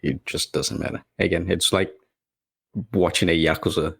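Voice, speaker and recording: Low-voiced man, emphatic and repetitive. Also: level tone, moderate pace, gravelly, a bit bright, a little hiss or hum. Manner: repeats himself, emphatic. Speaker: podcast co-host. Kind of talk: casual chat.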